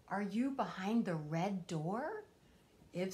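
A young woman reading a picture book aloud to children in a sing-song, expressive way, sometimes dropping to a whisper. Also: medium pitch, slow. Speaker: storytime host.

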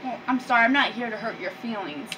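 Casting: a woman as a fed-up, scolding young woman, slightly high voice, distant hissy mic. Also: fast, close to an everyday voice. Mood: stern. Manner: scolding, impatient. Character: strict, exasperated young woman.

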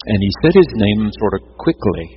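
A man's voice: fairly low pitch, big pitch swings, moderate pace. A man teaching a Bible study, telling folksy stories and repeating key phrases. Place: church hall. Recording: dull, echoey church hall with faint hum.

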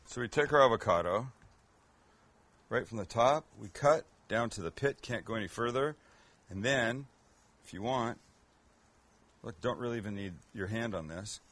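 Husky guy cooking and cracking jokes, chatty, goofs on himself. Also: on the low side, expressive, moderate pace, pauses often, a bit bright. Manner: joking, chatty, self-mocking asides. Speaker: cooking show host. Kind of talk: casual cooking demo chat.

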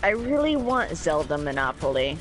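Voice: mid-range voice, big pitch swings, moderate pace, over a noisy crowd, rough recording. A gamer chatting sarcastically over voice chat while playing.

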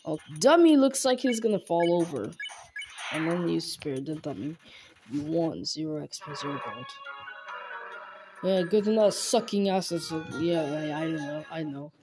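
A woman's voice: sits low, animated, a little slow, music in the background. A woman giving casual let's-play commentary, reading on-screen text aloud and stumbling over words. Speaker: gamer.

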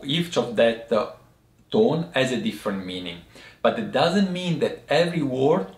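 Man explaining a lesson in an echoey room. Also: medium pitch. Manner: thoughtful, pauses to find words. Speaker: host teaching Chinese tea words.

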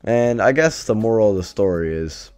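A man's voice: on the low side, expressive, moderate pace, darkish tone, clean tone. A man vlogger telling a story casually, swearing a lot and sounding exasperated. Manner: profane, exasperated, rambling.

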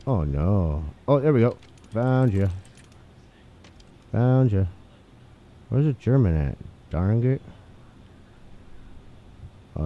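Excitable man with tinny, lo-fi sound. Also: sits low. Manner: chatty, excitable, reads on-screen text aloud. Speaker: gaming channel host. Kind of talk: casual game commentary. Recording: tinny phone-like mic, faint hiss.

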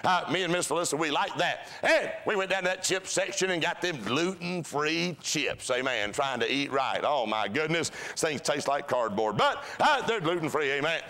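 A man's voice: on the high side, lively intonation, normal speed, few pauses, sharp tone. A man preaching a sermon in a church, folksy and storytelling, with repeated rhythmic phrases. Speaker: pastor. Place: church sanctuary.

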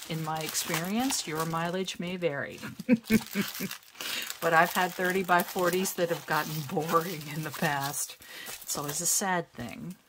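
A woman chatting casually at home as she unboxes diamond painting kits. She talks in a self-deprecating way, laughs often and thinks out loud. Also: lowish voice, noisy background. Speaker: crafting vlogger. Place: home crafting space.

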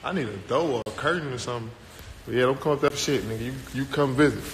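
A man's voice: mid-range voice, racing. A young man casually chatting on a livestream from his home, talking loose, profane and rambling. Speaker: livestream host. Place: indoors at home. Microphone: phone. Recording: noisy phone livestream audio.

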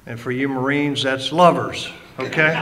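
A man's voice: mid-range voice, background noise. Older man preaching with fervor. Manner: emphatic storyteller who acts out quoted voices. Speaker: guest speaker and ordained minister. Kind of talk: impassioned preaching to a live audience.

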